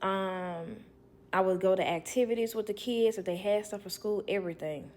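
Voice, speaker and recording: A young woman who works as a nanny, telling a work story to viewers in a blunt, animated way. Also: medium pitch, moderate pace. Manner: blunt, animated, acts out others' lines.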